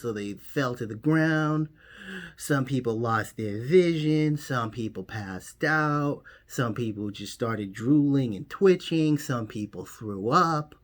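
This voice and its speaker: A man delivering a mock-serious comedy monologue as a rambling, deadpan story. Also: mid-range voice. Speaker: comedian doing a parody monologue.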